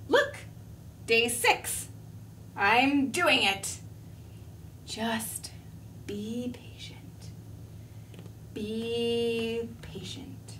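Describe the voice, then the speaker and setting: A woman's voice: a little high, lively intonation, takes it slowly, long pauses. A woman voicing an impatient, fretful little male caterpillar who sighs and gives himself pep talks, heard from a distant mic. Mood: strained calm. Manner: sighing, self-pep-talking, whiny. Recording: distant mic, faint room noise.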